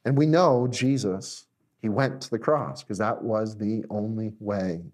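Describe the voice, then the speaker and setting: A man preaching a sermon, animated, shifting between emphatic lines and hushed ones. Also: fairly low pitch, a little slow. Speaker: pastor. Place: recorded for viewers at home.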